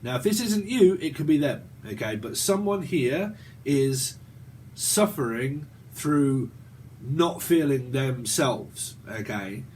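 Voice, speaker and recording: A man's voice: mid-range voice, lively intonation, slow pace, darkish tone, a little hiss or hum. A man in his forties with a British accent, giving a rambling, profane tarot reading and laughing often. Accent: British English. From Britain. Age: 40s. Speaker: tarot reader. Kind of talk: casual tarot reading monologue.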